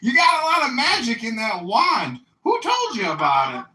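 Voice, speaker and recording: A boisterous, crude father blurts out praise in a raised, swooping voice, as a man plays him in a story. His bright, echoing voice comes from a distance. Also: extremely high pitch, wildly swooping pitch, moderate pace, voice pushed up, heavily acted. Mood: gleeful. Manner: loud, gleeful and raunchy. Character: crude, boisterous, proud middle-aged dad. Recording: echoey room, distant mic.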